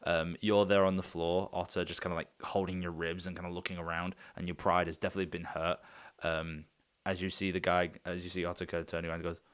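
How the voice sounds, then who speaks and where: Game master, man, very low voice, loose rambling narration. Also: little pitch movement, quick pace, smooth. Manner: rambling, loose, with many fillers.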